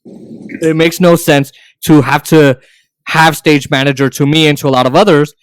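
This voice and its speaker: A man's voice: a little high, fairly even intonation, moderate pace, no echo. A man hosting a casual tech podcast, opinionated and sarcastic, often restarting his sentences. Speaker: podcast host.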